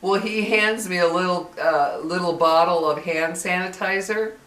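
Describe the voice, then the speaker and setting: A woman's voice: lowish voice, normal speed, fairly bright tone, recorded from a distance. A middle-aged woman vlogging at home, talking candidly and emotionally in a chatty way and laughing often. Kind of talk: personal vlog chat. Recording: echoey room, voice off mic.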